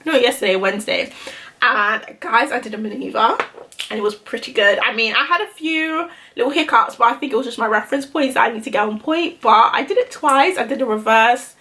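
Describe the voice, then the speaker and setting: A young woman beauty vlogger gets ready while chatting casually on camera, rambling and peppering her talk with "like." She sounds brisk, bright, and forceful, with a slightly high pitch.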